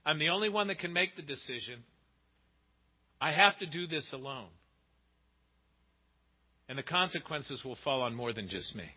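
A man preaching a sermon emphatically, asking rhetorical questions and swinging between loud and hushed delivery. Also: a little high, expressive, moderate pace, pauses often, slightly rough. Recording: muffled with long hall reverb.

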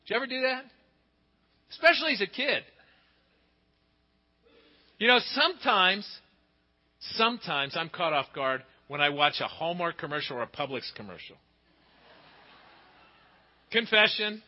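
A middle-aged man preaching a sermon, telling stories with big swings in pitch and loudness. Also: a little slow, long pauses, breathy edge. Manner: expressive storytelling, pitch and volume swing widely. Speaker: pastor. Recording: dull sound with long hall reverb.

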